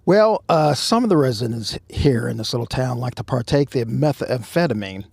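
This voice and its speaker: A man co-hosting a podcast, casually telling a story outdoors at a truck stop and shouting out the quoted lines. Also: mid-range voice, animated, normal speed, vocal fry, husky, dry recording, clean studio sound.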